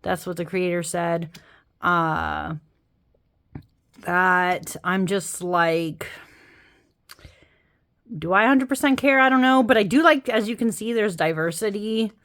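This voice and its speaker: A woman's voice: fairly low pitch, expressive, takes it slowly, long pauses, fairly bright tone. A woman hosting a casual vlog, ranting with exasperation and swearing about deck cardstock. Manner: exasperated, swearing, laughing through rants. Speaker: tarot deck reviewer.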